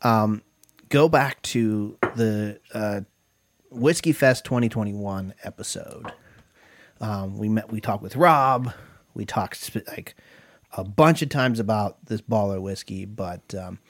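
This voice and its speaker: Low-voiced man at a tasting chat. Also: unhurried. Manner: relaxed, savoring, trailing off mid-thought. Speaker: whiskey podcast co-host.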